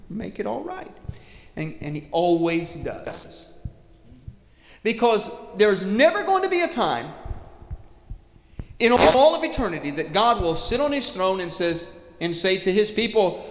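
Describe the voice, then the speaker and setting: Animated preacher with a high lively voice. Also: male voice, gravelly. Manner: animated, acts out quoted voices, repeats words. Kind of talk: sermon. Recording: echoey hall, faint noise.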